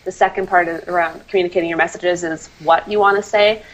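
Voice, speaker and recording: A woman's voice: lowish voice, fairly even intonation, quick pace, rough recording. A woman copywriter answering interview questions, laughing often and apologizing for herself, with many ums. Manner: self-deprecating, laughs often, many fillers.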